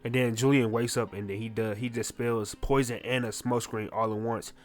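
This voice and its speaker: A young man recapping a comic chapter in casual, slangy, excitable speech, swearing freely. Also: medium pitch, normal speed. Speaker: manga reviewer.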